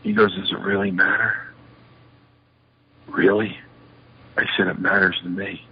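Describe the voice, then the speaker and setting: A lower-pitched older man with a husky, breathy edge spins stories about his past and acts out the lines of the people in them. The recording is a little muffled and lo-fi. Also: measured pace. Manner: animated storyteller acting out quoted dialogue. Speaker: interview guest. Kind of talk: shoot interview storytelling. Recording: slightly muffled lo-fi interview audio.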